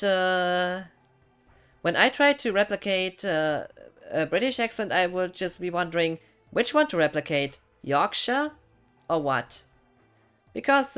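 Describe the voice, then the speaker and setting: Young German-accented woman streamer, lowish smooth voice, loose rambling chat over faint game music. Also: lively intonation, measured pace, a bit bright. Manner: rambling, thinking aloud. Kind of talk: casual live-stream chat while gaming.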